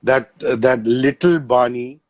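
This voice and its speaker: A man hosting an interview, asking relaxed, hesitant questions with plenty of fillers. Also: mid-range voice, a little slow, dry recording. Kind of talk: casual interview.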